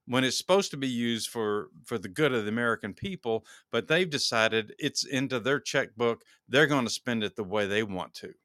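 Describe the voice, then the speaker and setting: A man's voice: mid-range voice, lively intonation, moderate pace, hardly any pauses, bright, forceful tone, no room sound, clean studio sound. A man hosting his own podcast, giving solo political commentary in a heated, ranting way and repeating words as he works himself up. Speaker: podcast host.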